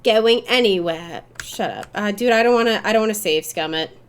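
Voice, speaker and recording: A woman giving gameplay commentary, excitable and swearing freely, breaking into frustrated yells, then calmly explaining in a recap. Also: mid-range voice, a little fast, clean tone. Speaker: gaming YouTuber.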